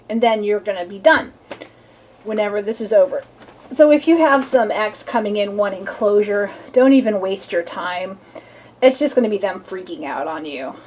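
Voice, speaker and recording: A woman's voice: medium pitch, fairly quick, darkish tone. Chatty woman giving a tarot reading. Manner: chatty, playful, acts out little scenes. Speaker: tarot reader.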